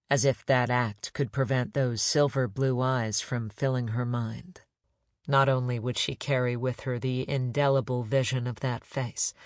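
A man reading a crime novel aloud in measured, even narration. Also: medium pitch, no echo, studio quality. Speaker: audiobook narrator.

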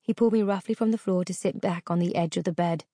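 A woman narrating a first-person memoir audiobook in a measured, steady reading. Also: lowish voice, no echo, studio quality.

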